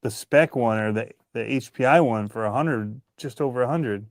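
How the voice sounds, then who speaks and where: A man's voice: mid-range voice, moderate pace, no room sound, clean studio sound. A man co-hosting a live hobby stream, talking casually and laughing at his own mistakes. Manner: relaxed, laughs at himself. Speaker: co-host of a hobby talk stream. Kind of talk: casual chat.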